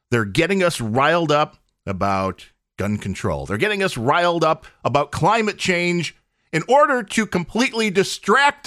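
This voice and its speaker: A man runs his own podcast, emphatically making his case through rhetorical questions in an opinionated monologue. The voice is on the high side and a bit bright, with a dry, studio-quality recording.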